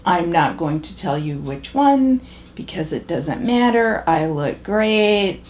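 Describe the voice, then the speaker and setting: An actress performing a monologue as a pragmatic, matter-of-fact middle-aged woman, speaking in a measured, halting way with pauses and restarts. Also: lowish voice, expressive, a little mellow, lo-fi sound, slight background noise. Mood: reflective. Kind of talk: character monologue.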